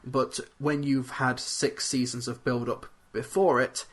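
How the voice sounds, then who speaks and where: A young man talking through his points in a steady, analytical manner on a casual podcast. He builds his argument step by step. His pitch sits in the middle range. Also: unhurried. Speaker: podcast co-host. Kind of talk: casual chat.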